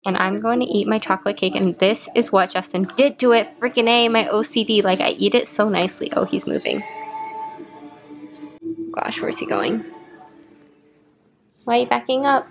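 A woman's voice: medium pitch, expressive, normal speed, pauses often, over music. A young woman in her twenties chatting in a casual home vlog, cooing baby talk to her dog. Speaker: vlogger. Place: home, indoors.

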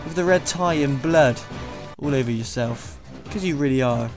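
A young man commentating a game he is playing, excitable and mocking, laughing often at what he sees. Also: mid-range voice, moderate pace. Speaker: gaming YouTuber. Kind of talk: let's play commentary. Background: game music.

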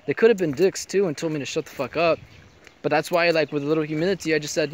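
A man's voice: fairly high pitch, rapid-fire, a little hiss or hum. A man rambling through a casual vlog monologue, swearing freely and filling his talk with "you know" and "I'm like.". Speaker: vlogger.

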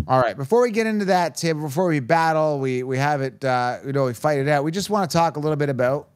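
Energetic male sports podcast host, slightly high voice, dry close sound. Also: fast talker, clear, resonant tone, no echo. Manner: energetic, hyped-up, playful. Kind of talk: casual sports chat.

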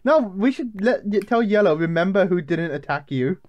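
A man's voice: sits high, lively intonation, moderate pace, a little mellow, dull audio. A man chatting casually while playing a game, rambling and joking as he calls out what is happening. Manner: rambling, joking, running commentary. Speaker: gamer. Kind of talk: casual gaming chat.

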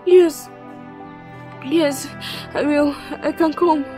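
Grieving young woman, high tearful voice, soft music under. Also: steady tone, very slow. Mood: grateful. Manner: tearful, pleading.

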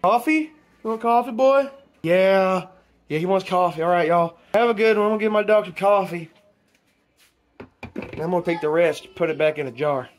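A man's voice: high voice, normal speed, long pauses, soft background music, close to an everyday voice. A man playing a rambling conspiracy guy. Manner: rambling, stumbling restarts, preachy. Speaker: comedy vlog character. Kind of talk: improvised comedy monologue.

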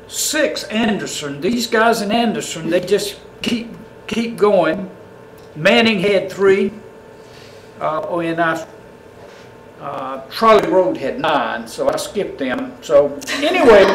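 A man co-hosting a live-streamed office drawing, reading numbers off a list in a halting way with fillers. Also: sits high. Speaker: co-host. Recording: echoey room, faint noise.

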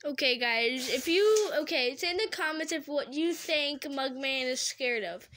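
A young woman or girl excitedly reacting to cartoon fan art in a casual, gushing way, full of exclamations and slang. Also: sits high, a little slow, hardly any pauses.

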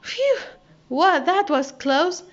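A woman voicing an excitable little male monkey sailor in a squeaky, exclaiming voice for a read-aloud storybook. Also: slow, exaggerated voice. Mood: excited. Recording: dull lo-fi audio.

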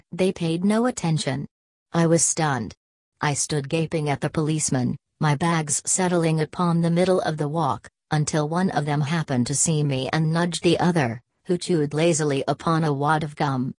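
Audiobook narrator, woman, deep low voice, dry close sound, steady measured read. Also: no room sound. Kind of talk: scripted novel narration.

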